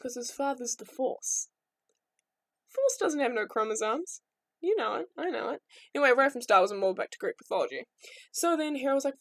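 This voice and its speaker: A young woman tells myths in a loose, irreverent vlog ramble. Her voice sits high and bright. The sound is close and dry, with no room around it. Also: lively intonation, fairly quick, no echo. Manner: rambling, irreverent, jokey asides. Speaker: vlogger. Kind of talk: casual storytelling.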